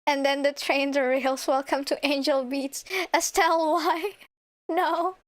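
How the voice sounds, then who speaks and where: A young woman streamer giving excitable, playful game commentary, laughing and swearing freely. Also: high-pitched, slow. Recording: faint game music behind.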